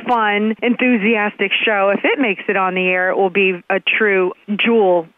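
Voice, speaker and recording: A woman's voice: mid-range voice, steady tone, moderate pace, no echo. A woman from New Orleans chats unhurriedly as a call-in guest. Her voice comes through a narrow, tinny telephone line. The sound is dry, with no room around it. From New Orleans, Louisiana. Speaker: phone-in guest. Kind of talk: casual radio phone interview.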